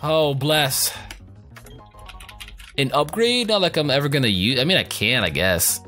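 A young man giving casual, profane commentary over his gameplay, joking, rambling and reacting loudly to what happens on screen. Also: medium pitch, animated, measured pace. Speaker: let's play gamer. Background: faint game music.

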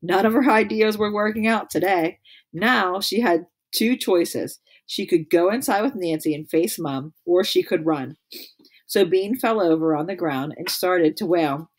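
Storybook reader, woman, low-pitched, reads aloud with asides. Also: a little slow. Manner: laughs and adds comments between passages. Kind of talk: reading a children's book aloud.

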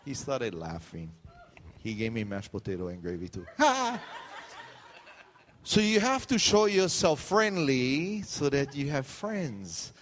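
A man's voice: mid-range voice, sing-song, slow, a bit bright, big-room sound, a little hiss or hum. A middle-aged male pastor preaching a sermon, telling stories and acting out the voices of the people in them. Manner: storytelling with quoted voices and pidgin asides.

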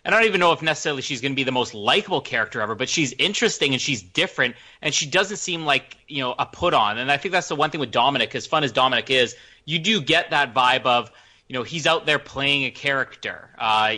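A man co-hosting a casual podcast chat, giving quick and emphatic opinions. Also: mid-range voice, pushed and bright. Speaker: podcast co-host.

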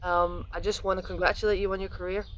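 A man with a high voice sends a teasing, then fervent tribute. Faint noise and clicks sit behind him. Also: little pitch movement, fast talker, a bit bright, rough recording. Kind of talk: casual video message.

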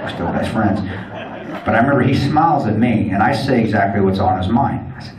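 A man's voice: fairly low pitch, a little fast, recorded from a distance, a crowd in the background. Blunt joking man in an echoey hall. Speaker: guest speaker. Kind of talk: storytelling speech to an audience. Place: event hall.

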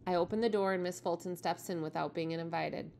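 A woman teacher reading a novel aloud in a steady, plain storytelling manner. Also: lowish voice, brisk, vocal fry, slight background noise.

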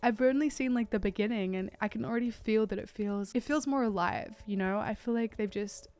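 A young woman with an Australian accent chats through her gameplay in a smooth, clean voice, gushing and excitable. She talks at a mid pitch and keeps things casual and chatty. Soft game music plays faintly underneath. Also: a little fast. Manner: excitable, gushing, lots of "oh my god" and "like". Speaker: gaming YouTuber.

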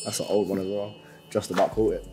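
A man's voice: sits low, flat delivery, fast talker, dark tone, faint music behind. A young man, chatting casually while playing a lyrics game, laughing often and apologizing. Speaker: musician guest.

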